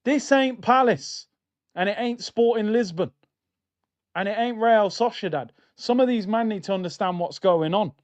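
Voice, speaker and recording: A man's voice: sits high, normal speed, highs cut off. A young man hosting a live football watchalong, talking in slangy, exasperated banter about the match.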